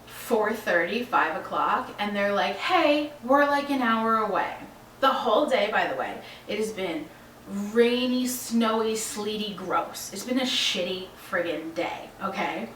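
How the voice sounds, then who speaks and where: A young woman from Long Island tells a storytime vlog in a lively, swearing way, playing out both ends of her phone calls. Her voice sits a little back from the mic in a roomy, echoey space. A faint hiss of noise hangs behind her. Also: medium pitch. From Long Island, New York. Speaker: vlogger. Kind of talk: casual storytime. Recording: roomy echo, voice a bit far from the mic, faint background noise.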